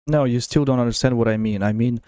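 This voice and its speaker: A young man with a Russian accent, a streamer talking casually to a voice assistant in English while gaming, halting and searching for words. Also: medium pitch, dark tone, dry recording, studio quality.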